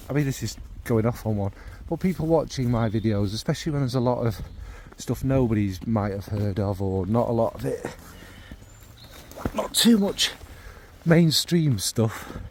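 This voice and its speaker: Male vlogger, rambling casual delivery, middle pitch, soft background hiss. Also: animated, normal speed. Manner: rambling, warm and enthusiastic about scents. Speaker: fragrance vlogger. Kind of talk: casual rambling chat to camera.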